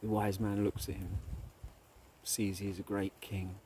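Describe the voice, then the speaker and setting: Slow, low-voiced male storyteller host. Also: little pitch movement, dark tone, slight background noise. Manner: slow, reflective, jumps between topics. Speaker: podcast host. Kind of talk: monologue with storytelling and book reading.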